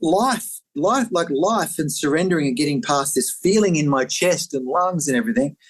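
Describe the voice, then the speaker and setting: Animated middle-aged man telling his story. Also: a little high, fairly quick, low-quality recording. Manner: animated, acts out quoted voices, many filler words. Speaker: interview guest. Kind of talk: personal storytelling in conversation.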